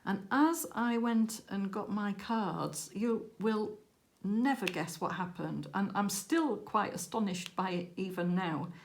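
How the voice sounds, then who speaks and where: A woman, hosting a crafting channel, chatting casually and telling a story with lively quoted dialogue. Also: medium pitch, slow pace, hardly any pauses, slight background noise. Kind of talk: casual chat while crafting.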